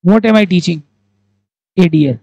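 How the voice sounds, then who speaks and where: Quizzing her class in quick succession, this Indian English-accented teacher plays out examples in different character voices. She speaks in a lowish, warm voice with vocal fry; there's no echo, but the audio sounds dull.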